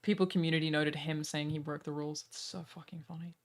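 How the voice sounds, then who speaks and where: A woman's voice: low-pitched, fairly even intonation, fast talker. Blunt, exasperated woman streamer. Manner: blunt, exasperated, swears freely. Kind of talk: casual chat.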